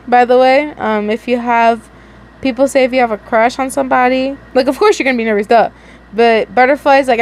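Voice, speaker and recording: Young woman, fairly high voice, giggly, chatty asides, casual story reading, faint background hiss. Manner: giggly, chatty, frequent self-corrections. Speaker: story reader.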